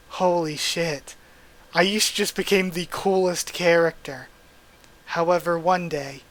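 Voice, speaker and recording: A man reading a manga aloud and reacting as he goes, excitable and swearing, with bursts of astonishment. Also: fairly high pitch, rough recording. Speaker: manga readthrough host.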